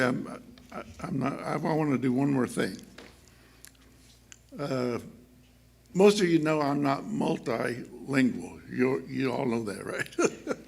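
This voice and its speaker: A man giving a sermon to his congregation in a chatty, halting way, with many fillers and restarts and frequent laughs. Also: mid-range voice, gravelly, breathy edge. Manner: laughs often while speaking. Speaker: church speaker.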